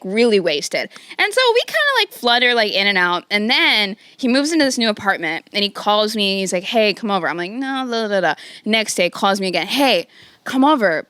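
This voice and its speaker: A woman's voice: medium pitch, dry recording. Chatty woman telling a story in a dry studio. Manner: animated, heavy on "like", swears freely. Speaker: podcast co-host. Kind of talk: casual storytelling chat.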